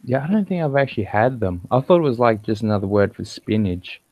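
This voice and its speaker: A man's voice: lowish voice, lively intonation, fast, no echo, dull audio. A man giving short, agreeable replies in casual conversation. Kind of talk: casual chat.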